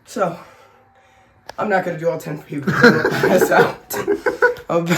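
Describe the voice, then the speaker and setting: Heavy background noise surrounds this woman's voice, which sits on the low side, in an echoey room at home. A family vlogger, she's sick and short of breath while showing simple workouts in a casual how-to vlog, keeping things chatty, joking, and laughing at herself.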